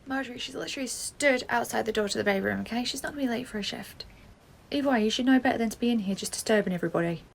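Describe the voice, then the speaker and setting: A woman's voice: a little high, rapid-fire, vocal fry. A woman playing a dry-witted, exasperated female nursery nurse in a comedy skit. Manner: sarcastic, exasperated.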